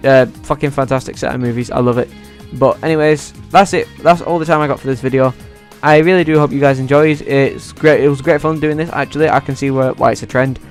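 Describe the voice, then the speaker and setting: A man ranking movies in a casual vlog, excitable and swearing freely. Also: medium pitch, brisk, few pauses, soft background music. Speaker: YouTuber.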